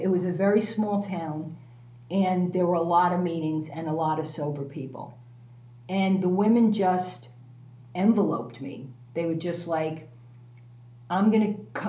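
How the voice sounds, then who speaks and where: A woman candidly telling a personal story as a guest, animated and self-mocking, swearing freely. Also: on the low side, roomy sound.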